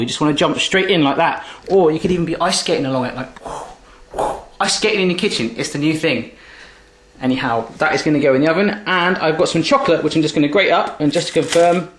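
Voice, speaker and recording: Cooking in his home kitchen, a vlogger chats playfully for a jokey video, tossing out cheeky asides throughout. His voice is on the high side and fairly bright, with reverberant sound and slight background noise.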